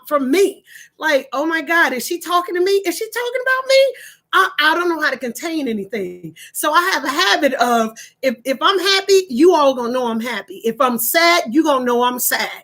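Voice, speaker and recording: A woman's voice: high voice, sharp tone. A middle-aged woman vlogging casually about her day, emotional and tearful, often restarting her sentences. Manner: emotional, tearful and laughing, talks with many restarts. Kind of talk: casual personal vlog storytelling.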